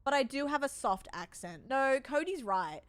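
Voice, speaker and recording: A woman from Australia with a soft Australian accent, chatting casually with her viewers while streaming a game. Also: high-pitched, animated, normal speed, no echo. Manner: chatty storyteller, talks to her chat by name. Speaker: livestreamer.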